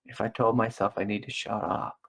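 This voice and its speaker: A middle-aged man giving a gentle, slow spiritual talk as a meditation teacher, repeating phrases softly. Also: on the low side, fairly even intonation, creaky. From United States. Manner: slow, gentle and soft-spoken with repetitions.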